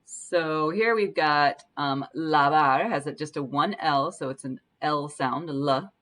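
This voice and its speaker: A woman teaching Spanish pronunciation in a patient way, slowly repeating each word to demonstrate it. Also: low voice, fairly bright tone. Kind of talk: language lesson.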